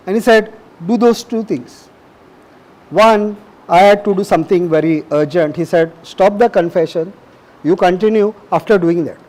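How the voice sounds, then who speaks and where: High-voiced emphatic preacher man. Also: a little mellow, low-quality recording. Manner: emphatic, repetitive, asks the audience questions. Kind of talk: sermon.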